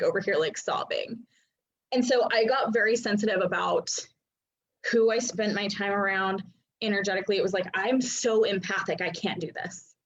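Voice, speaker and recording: This human design coach, a woman in her thirties, gives a relaxed lesson by video call from her home office, talking with lots of fillers and frequent laughter. Her pitch sits in the medium range, and the recording has a lo-fi quality.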